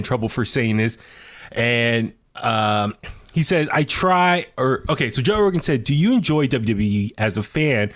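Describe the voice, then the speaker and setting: A man hosting a podcast in casual chat, rambling with many fillers and restarts as he reads quotes aloud. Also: medium pitch. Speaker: podcast host.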